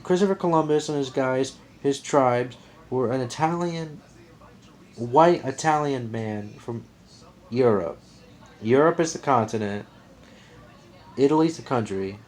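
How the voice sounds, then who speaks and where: A man's voice: medium pitch, a little slow, pauses often, darkish tone. An American man delivering a rambling, repetitive, opinionated monologue to his viewers, often restarting and repeating himself. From United States. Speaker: vlogger. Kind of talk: casual monologue to camera.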